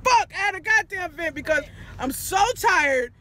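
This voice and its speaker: A woman venting in a loud, profane, exasperated rant while sitting in a car. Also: extremely high pitch, lively intonation, moderate pace. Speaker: vlogger. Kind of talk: venting casual chat in a car. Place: inside a car.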